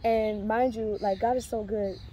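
A woman's voice: medium pitch, fairly even intonation, normal speed, warm tone, a little hiss or hum. A pregnant young woman rambling earnestly with many fillers and restarts as she shares a faith testimony in a casual vlog. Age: young adult. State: heavily pregnant. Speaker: faith vlogger.

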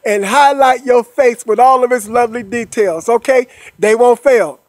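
A man with a high, light voice delivers a cheerful pep talk straight to his listeners. He repeats himself in a coaxing rhythm, keeps checking that they are with him, and laughs playfully between points. The recording is close and dry, with no room sound. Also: normal speed, no room sound. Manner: repetitive and coaxing, checks in with the listener after nearly every phrase. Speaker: motivational speaker. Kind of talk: upbeat motivational monologue.

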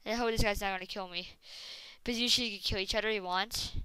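A woman giving casual gameplay commentary, rambling with many fillers and breaking into excited shrieks and exclamations. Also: medium pitch, quick pace, clear, resonant tone, dry recording, low-quality recording. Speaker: gaming video host.

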